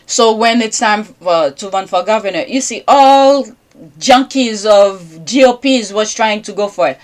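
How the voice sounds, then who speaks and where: A woman who speaks English as a second language hosts her own podcast in a loose, rambling commentary. She keeps pausing to ask her listeners "okay?" while her voice sits at an ordinary middle pitch. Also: expressive. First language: not English. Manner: rambling, checks in with repeated "okay?". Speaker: podcast host. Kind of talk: casual commentary monologue.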